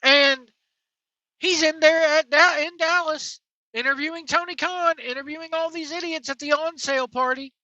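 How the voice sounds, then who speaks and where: Angry wrestling vlog rant, cussing a lot, sharp bright voice, dead dry sound. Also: high-pitched, steady tone, moderate pace, no echo, dull audio. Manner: angry, profane and sarcastic. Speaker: wrestling commentary vlogger. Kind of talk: ranting commentary to camera.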